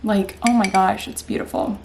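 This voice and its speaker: A woman's voice: mid-range voice, fairly even intonation, moderate pace, background noise. A woman chatting in a casual vlog, bubbly and gushing. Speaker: astrology vlogger.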